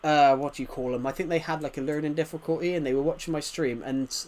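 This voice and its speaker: His voice is a little high, steady and darkish, and he talks fast. A twenty-something game streamer from the United Kingdom with a thick rural British accent, he chats casually and rambles on to his chat.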